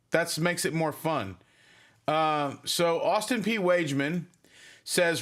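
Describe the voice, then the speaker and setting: A man hosting a casual livestream for his band, rambling and chatty as he reads viewer comments. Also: on the high side. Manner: rambling, chatty, many fillers.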